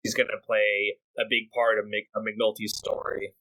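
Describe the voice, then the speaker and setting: Podcast host guy, bright forceful voice, thinks out loud, keeps restarting words. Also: on the low side, flat delivery, normal speed, rough recording. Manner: thoughtful, frequent restarts and repeated words. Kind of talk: casual chat.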